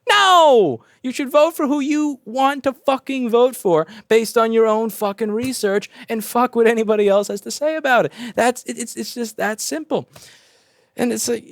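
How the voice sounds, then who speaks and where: Blunt, animated man ranting to camera. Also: high voice, no room sound. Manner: animated, blunt, profane, repeats himself. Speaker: repair shop owner and channel host. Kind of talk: casual opinion rant to camera.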